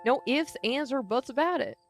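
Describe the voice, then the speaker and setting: A woman's voice: high-pitched, lively intonation, normal speed, soft background music, pitched above the performer's own voice. A woman voicing a stern, folksy old rural man with a drawl. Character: gruff old rural man with a bad hip.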